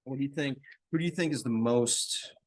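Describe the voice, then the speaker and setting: A man's voice: mid-range voice, brisk, no echo. Young male college football player guest. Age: young adult. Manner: relaxed, hesitant fillers. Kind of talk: casual interview answers.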